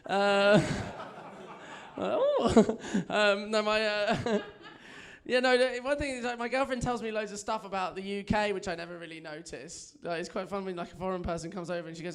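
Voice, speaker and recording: A young man with an English accent and a notably high-pitched voice works the room in a comedy club. He talks in a chatty, self-mocking way and laughs at his own lines. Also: fairly even intonation, moderate pace, creaky. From England. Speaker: stand-up comedian. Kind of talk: stand-up set. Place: comedy club with a live audience.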